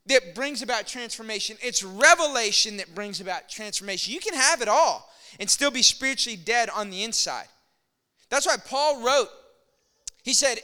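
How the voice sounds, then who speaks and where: A man preaching a sermon as pastor, energetic and storytelling, acting out quotes. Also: very high-pitched, smooth, big-room sound.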